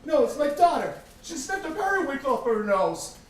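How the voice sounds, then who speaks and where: A frantic father bursts out in high, loud shouts for someone to help his child, put on by a male storyteller. The voice is strained and urgent. It is heard from afar in a reverberant room. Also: very animated, moderate pace. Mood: panicked. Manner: panicky, shouting. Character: frantic father rushing his daughter to hospital. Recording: echoey room, distant mic.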